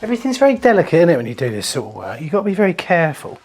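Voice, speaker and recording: A man's voice: on the high side, huge pitch swings, very fast, slightly rough. A man, a plumber and channel host, chatting casually and jokily to viewers while he works in a house. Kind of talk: casual DIY vlog chat. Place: house interior and loft.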